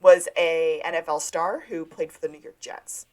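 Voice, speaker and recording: A woman co-hosting a podcast, casually recapping a TV episode and acting out its lines. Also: sits low. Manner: animated, acts out scenes with quick line readings. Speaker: podcast co-host.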